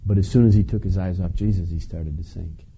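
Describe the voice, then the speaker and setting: A man preaching a sermon in a relaxed, conversational way, chuckling now and then and asking the listeners questions. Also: deep voice, a little fast, vocal fry, dull audio, slight background noise. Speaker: pastor.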